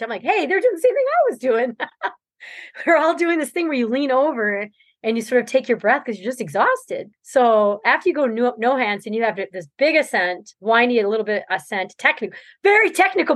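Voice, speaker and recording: A woman's voice: on the high side, no echo. A woman guest on a podcast, recounting a race in loose, rambling talk and laughing often. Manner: rambling storytelling, laughs often, many fillers. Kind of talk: casual interview chat.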